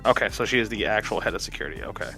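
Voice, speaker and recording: A man's voice: on the low side, animated, very fast, vocal fry, bright, forceful tone, soft background music. Rambling, reassuring man at a game table. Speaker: player. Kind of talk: casual in-character tabletop play.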